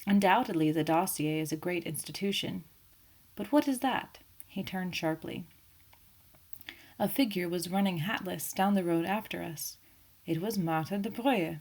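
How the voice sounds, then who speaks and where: Low-voiced woman narrating a novel. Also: moderate pace, a little mellow. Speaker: audiobook narrator. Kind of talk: reading a classic detective novel aloud.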